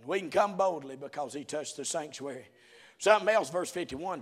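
A man's voice: on the high side, very animated, moderate pace. A man preaching a fiery sermon, hollering and then dropping to a murmur. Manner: hollering, swinging between shouts and murmurs.

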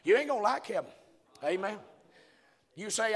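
A man's voice: high voice, animated, normal speed. A man preaching a fiery sermon, hollering and then dropping to a murmur. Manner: hollering, swinging between shouts and murmurs.

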